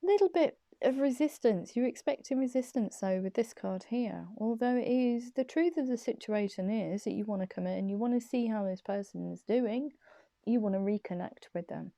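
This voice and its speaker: Chatty tarot reader, female, mellow gravelly tone, giggles through her enthusiastic rambling. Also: a little high, moderate pace, no echo. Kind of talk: casual chatty tarot reading. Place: small room at her parents' home. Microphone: camera on a small desk tripod.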